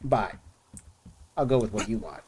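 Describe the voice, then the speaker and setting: A man's voice: fairly low pitch, lively intonation, measured pace, dark tone, slight background noise. A man streaming a video game, chatting casually with viewers and thinking aloud as he plays. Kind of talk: casual gaming commentary.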